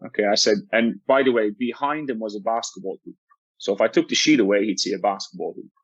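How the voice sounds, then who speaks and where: A man's voice: lowish voice, fast talker, slightly rough, no room sound. A man who works as a basketball coach explains a coaching method on a podcast in an earnest way, often restarting and repeating words. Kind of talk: podcast interview, telling a coaching story. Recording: dull, lo-fi, dry sound.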